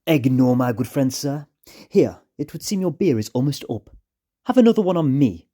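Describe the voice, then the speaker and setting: A man's voice: mid-range voice, lively intonation, moderate pace, warm tone, voice pushed up, natural voice. A man voicing a sly, charming male plotter with a raised, theatrical delivery.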